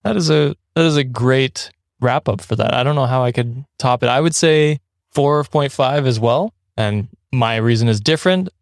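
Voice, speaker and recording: A man's voice: mid-range voice, normal speed, no room sound, clean studio sound. A man hosting a podcast, talking casually and rambling a little, often correcting himself and laughing along the way. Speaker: podcast host.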